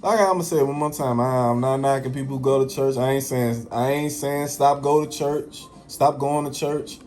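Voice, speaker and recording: Talking to his audience in a casual to-camera monologue, this vlogger has a mid-range, slightly mellow voice with a steady tone at normal speed. He's slangy and emphatic, swears freely, and repeats phrases to drive points home.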